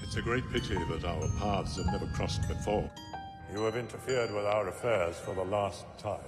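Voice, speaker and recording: Count Dooku, a man voicing a deep cold villain. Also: natural voice. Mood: menacing. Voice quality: deep, measured, menacing. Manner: formal, threatening. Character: cold aristocratic elderly male villain. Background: loud music.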